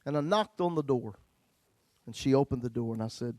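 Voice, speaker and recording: A male pastor telling his own story in a sermon, folksy, swinging between loud bursts and hushed lines. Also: medium pitch, brisk, no room sound.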